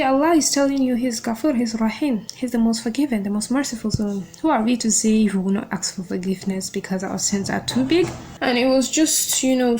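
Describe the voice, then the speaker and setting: A young woman with a slightly high voice talks through a book she loves on her podcast. She is openly emotional and gushing, with a casual, chatty delivery. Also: a little mellow. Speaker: podcast host reviewing a book.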